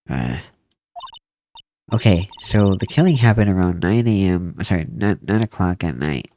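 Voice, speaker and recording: A man's voice: deep voice, sing-song, moderate pace, warm tone, faint music behind. A man casually commenting as he plays a game, offhand and correcting himself. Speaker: gamer reading a game aloud. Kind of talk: casual let's play commentary.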